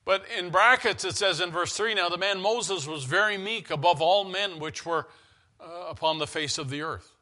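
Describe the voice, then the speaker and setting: A man's voice: sits high, normal speed, sharp tone. A man preaching an earnest, conversational sermon in a church, often restarting his phrases.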